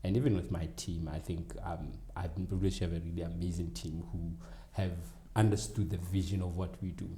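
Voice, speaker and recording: A man's voice: low voice, little pitch movement, brisk, few pauses, dark tone, reverberant. A man speaking as a guest educator in a conversational interview, earnest and acting out conversations with students. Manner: earnest, acts out dialogue with kids. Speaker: guest, educator and tutoring business owner.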